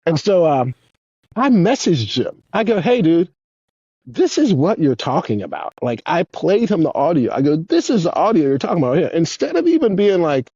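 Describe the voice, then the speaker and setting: A man in his fifties, a guest on an interview show, telling rambling, profane stories in a casual, animated way. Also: a little high, normal speed, husky, no room sound, lo-fi sound. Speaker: guest, former pro skateboarder. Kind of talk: casual storytelling.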